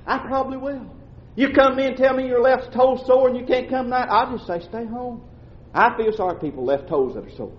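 Male pastor, preaching, dull lo-fi sound, big echo. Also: brisk. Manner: preacherly, swings from shouting to low asides. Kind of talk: sermon. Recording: roomy, dull lo-fi church recording.

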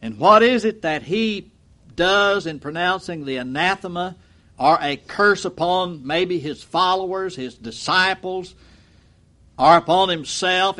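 Folksy preacher, higher voice. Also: male voice. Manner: folksy, acts out quotes, swings from loud to low. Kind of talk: expository sermon.

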